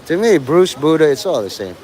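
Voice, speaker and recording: A man's voice: on the high side, big pitch swings, a little fast, darkish tone, low-quality recording. A middle-aged man rambling crudely in a monologue while out in the rain, swearing and joking to himself. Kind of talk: rambling outdoor livestream monologue. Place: outdoors in the rain near traffic.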